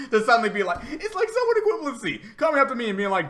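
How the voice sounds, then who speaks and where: A man giving a rambling, animated reaction commentary, laughing often and repeating himself as he talks. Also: extremely high pitch, racing, few pauses. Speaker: reaction video host.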